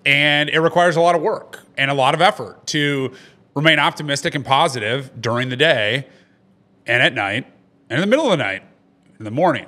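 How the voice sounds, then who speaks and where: A man with a bright, forceful voice in a relaxed podcast conversation. He talks frankly, swears often, and tells stories with energy. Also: mid-range voice, fast. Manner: candid, swears freely, animated storytelling. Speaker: podcast co-host, start-up founder. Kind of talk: casual podcast chat.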